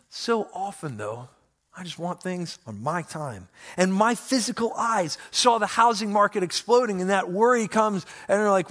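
A man, a pastor, preaching a sermon with animated, self-mocking storytelling and playful complaints to God. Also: high-pitched, moderate pace.

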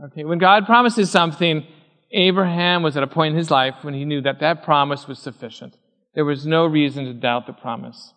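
A fairly high-voiced man preaching in a church hall. He tells a story and acts out the people in it, and his voice rings with long reverb. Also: a little fast, fairly bright tone. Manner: storytelling, acting out quoted voices. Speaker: pastor. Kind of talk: sermon with personal story.

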